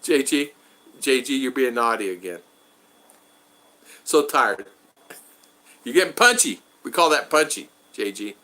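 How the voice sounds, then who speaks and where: Livestreaming from his home in the Philippines, a man reads chat and greets viewers by name in a sing-song, medium-pitched voice that's pushed and bright. He talks a little slowly, pauses often, and rambles with plenty of repetition.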